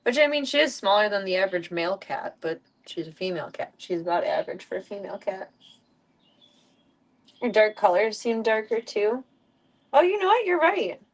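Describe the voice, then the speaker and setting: A young woman chats to her viewers on a live stream while tending to her cats. She talks in a relaxed, easygoing way and now and then slips into high, cooing baby talk with the animals. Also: brisk. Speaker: streamer caring for pet cats. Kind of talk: casual live-stream chat.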